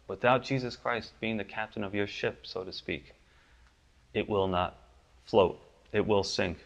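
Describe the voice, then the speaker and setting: A pastor preaching a sermon, his voice climbing high and loud for the pleas and dropping low and soft on the promises. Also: creaky, dull audio.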